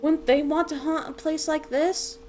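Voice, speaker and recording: A woman's voice: high voice, fairly even intonation, unhurried, music in the background, poor audio. Woman reading as a scared young twin brother. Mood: uneasy. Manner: earnest, dramatic reading of game text. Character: frightened young man, a hero's grieving twin brother.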